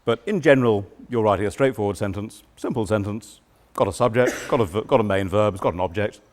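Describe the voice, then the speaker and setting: A man giving a lecture on writing verse, measured and explanatory with a dry humor. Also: lowish voice, slight background noise.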